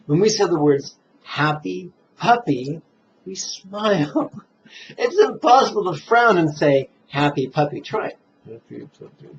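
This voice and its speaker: Gravelly-voiced playful meditation teacher. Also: male voice, a little high, a little hiss or hum. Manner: playful, chuckles at his own jokes; guides listeners slowly through breathing steps. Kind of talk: relaxed dharma talk to camera. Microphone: camera mic, self-filmed. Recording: dull, muffled camera audio.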